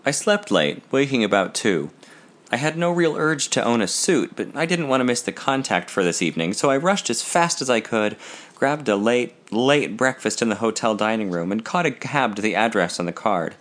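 A man narrating a novel in the first person in an unhurried, storytelling way. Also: mid-range voice, animated, a bit bright. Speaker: audiobook narrator. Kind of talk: first-person audiobook reading.

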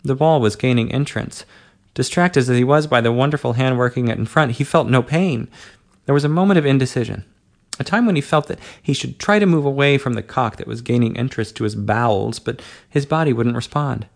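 A man with a mid-range voice narrates a story aloud. His reading is steady and measured, in an audiobook manner. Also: mid-range voice, creaky.

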